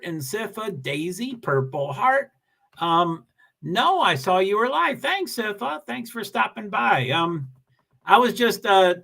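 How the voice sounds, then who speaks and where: A man's voice: sits high, pushed and bright. A man hosting a casual livestream from home, chatting alone and reading viewer comments aloud in a rambling, self-deprecating way.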